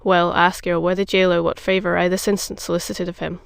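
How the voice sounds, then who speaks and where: A flat, synthetic-sounding reader voicing Milady, a scheming noblewoman prisoner, in an audiobook, with little change from the narration voice. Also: mid-range voice, fairly quick, vocal fry, clean tone, dry recording, studio quality, lightly acted. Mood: cold. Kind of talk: audiobook reading.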